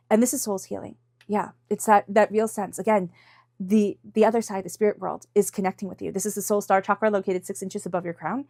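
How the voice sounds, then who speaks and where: A woman's voice: mid-range voice, steady tone, fast talker, mellow, no echo, clean studio sound. A woman giving an intuitive tarot reading in a casual, encouraging way, with lots of fillers and restarts, acting out inner voices in quotes. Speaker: tarot reader.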